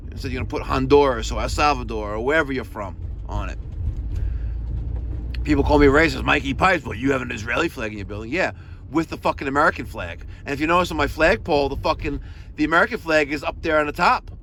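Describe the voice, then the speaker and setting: A man's voice: medium pitch, fast talker, fairly bright tone, slight background noise. A man, a heating technician from New York, ranting profanely while he drives to a service call, recorded in his car. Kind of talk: driving vlog rant. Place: in a car, driving.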